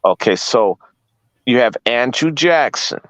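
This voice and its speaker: Speaking in a mid-range voice, animated yet unhurried, a D.C. man delivers a casual guest lecture full of rhetorical questions, blunt and profane. The recording sounds muffled.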